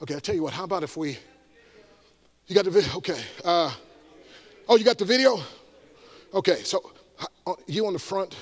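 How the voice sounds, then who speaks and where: A man, an evangelist giving an energetic motivational talk to a live audience, with shouted call-and-response. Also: sits high, brisk, long pauses. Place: large room before a live audience.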